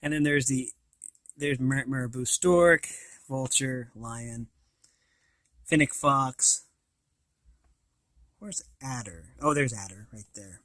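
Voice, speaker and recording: A man's voice: mid-range voice, slow, long pauses, a bit bright, no room sound. A man reading a children's picture book aloud, stopping to describe the pictures and restarting words. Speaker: reader of children's books.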